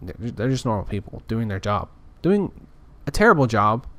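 A man's voice: on the low side, very animated, normal speed, a bit bright. A man talking in a casual, rambling rant, frustrated and full of restarts. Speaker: podcaster. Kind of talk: casual ranting monologue.

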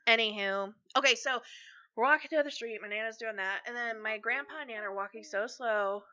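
A woman co-hosting a podcast, telling a family story in casual chat, animated and swearing freely as she acts out quotes. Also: on the high side, brisk, muffled recording. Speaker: podcast co-host.

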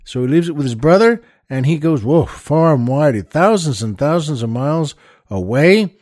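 A man's voice: a little high, lively intonation, normal speed, darkish tone. A man hosting a podcast, telling jokes in a rambling, chuckling way with many restarts and fillers. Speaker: podcast host. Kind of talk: casual joke telling.

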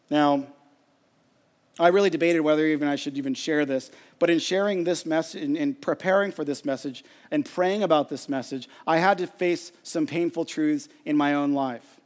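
A man preaching a sermon in a lively, conversational way, acting out the quotes he reads. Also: a little high, normal speed. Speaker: pastor. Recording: long hall reverb.

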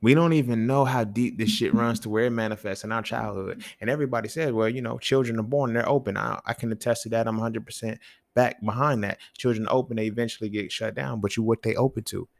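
A young man riffs alone on his podcast in loose, profane street slang, his voice gravelly and full of fry. He keeps asking the listener questions that leap up in pitch. The sound is dry and close, with no room around it. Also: steady tone, fast talker, no echo. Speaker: podcast host. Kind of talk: casual solo monologue.

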